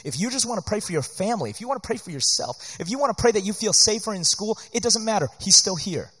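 A man preaching in an earnest, animated, conversational way, often checking in with "right?", teaching church workers. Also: high-pitched, fast talker, husky. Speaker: pastor. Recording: long hall reverb.

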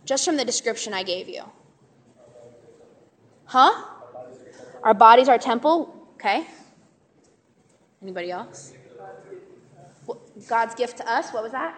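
A woman Sunday school teacher giving a chatty, animated workshop talk to a live group, full of fillers. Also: fairly high pitch, a little slow, pauses often, slight background noise.

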